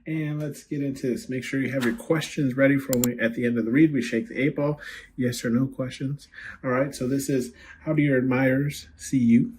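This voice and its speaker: A man giving a casual tarot reading as host, chatty and quick to laugh, often checking in with "right?" and "okay?". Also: mid-range voice, steady tone, darkish tone, a little hiss or hum. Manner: laughs easily, rambles with fillers. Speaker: tarot card reader.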